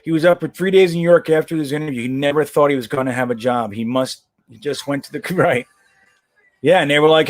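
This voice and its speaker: The recording is dry, and the man speaking is a fast talker with a slightly high voice. He hosts a casual football live stream, rambling, joking, and swearing freely.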